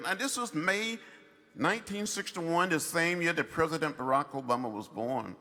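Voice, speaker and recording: A man's voice: fairly high pitch, normal speed, pushed and bright. A man in his seventies giving a commencement address in impassioned, preacher-like oratory, speaking in short repeated phrases. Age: 70s. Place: large outdoor ceremony over loudspeakers. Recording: long reverb from a public address system.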